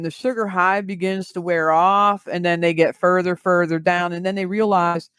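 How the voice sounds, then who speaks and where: A woman guest, a grief recovery specialist, explaining in measured interview talk with vivid everyday examples. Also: fairly low pitch, fairly even intonation, fairly bright tone, clear, resonant tone, no echo.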